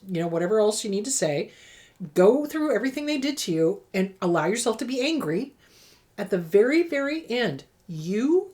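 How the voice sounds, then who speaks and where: A woman's voice: medium pitch, sing-song, normal speed, a little mellow. A middle-aged woman, a therapist hosting her own show, giving emphatic advice straight to the viewer and repeating words for stress. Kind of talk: direct-to-camera advice talk.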